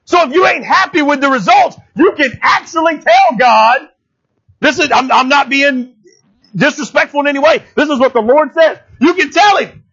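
Male preacher, chatty and animated, high husky voice, kinda lo-fi. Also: normal speed. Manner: animated and conversational, keeps asking "right?". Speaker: pastor. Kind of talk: sermon.

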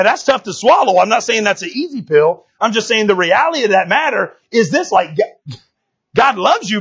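Man, preacher, casual church talk, husky voice, slightly muffled recording. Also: high voice, fairly bright tone. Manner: conversational, keeps asking "right?"; folksy, joking slang. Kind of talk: casual sermon.

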